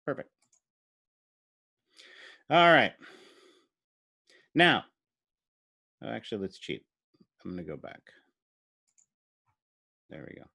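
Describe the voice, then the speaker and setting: A man's voice: lowish voice, big pitch swings, slow pace, gravelly, pauses often, pushed and bright, husky, dry recording, studio quality. A man giving a recorded university biology lecture. He explains step by step while drawing, thinks aloud, and asks the class playful questions.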